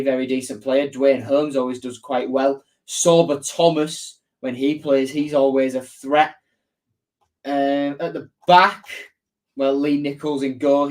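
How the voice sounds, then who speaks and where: A man hosting a casual live-stream football match preview, chatting and reading out viewer comments as he answers them. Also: mid-range voice. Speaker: football fan channel host.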